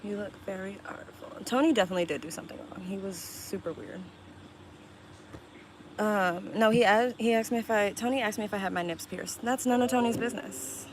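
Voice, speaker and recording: A woman's voice: medium pitch, a little hiss or hum, poor audio. Blunt, foul-mouthed young woman streamer. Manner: blunt and profane, reading chat aloud and snapping back; quick laughs and sudden loud outbursts. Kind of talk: casual live-stream chat with viewers.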